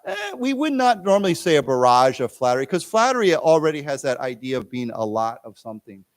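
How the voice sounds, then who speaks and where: A man's voice: on the high side, huge pitch swings, brisk, dry recording. A man teaching an English lesson, explaining words with everyday examples and often checking in with "okay?" and "right?". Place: library lecture room.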